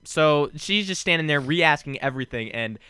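A man's voice: fairly high pitch, expressive, normal speed, bright, forceful tone, clean tone, no room sound. A man hosting a podcast in a casual, rambling, jokey chat, often breaking into laughter. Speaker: podcast host.

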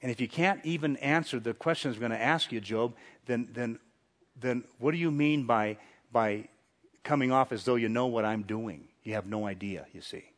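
A man's voice: mid-range voice, normal speed. A man preaching a sermon, reading scripture dramatically and pressing rhetorical questions with chuckles. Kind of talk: sermon, Bible exposition.

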